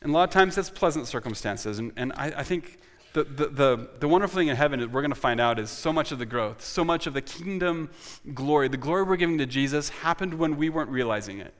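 A man's voice: on the high side, expressive, fast talker, hardly any pauses, fairly bright tone. Male pastor, earnest sermon and prayer, stumbles and restarts, long hall reverb. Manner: earnest, with frequent restarts and repeated words.

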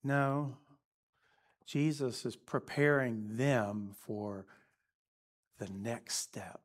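A man preaching a sermon, telling a story in a lively way that shifts between energetic and hushed. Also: mid-range voice, very slow.

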